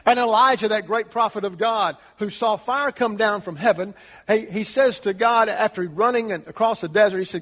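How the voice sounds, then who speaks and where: High-voiced preacher in a reverberant hall. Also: male voice, normal speed, a bit bright. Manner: earnest preaching with rhetorical questions and repetitions. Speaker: pastor. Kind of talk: sermon. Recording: long reverb of a large hall.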